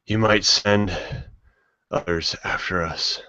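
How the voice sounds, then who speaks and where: A man voicing an exhausted, sweat-soaked warrior in a tabletop game, speaking low and weary. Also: fairly even intonation, takes it slowly, bright, forceful tone, dry recording, dull audio. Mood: weary urgency.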